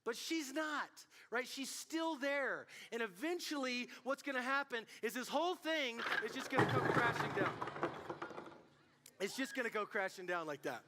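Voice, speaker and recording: A man preaching to a student group as youth pastor, telling stories in an animated way and calling out to the room. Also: extremely high pitch, normal speed, hardly any pauses, a little hiss or hum. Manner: animated storytelling, calls out to the audience. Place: church hall. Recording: long hall reverb.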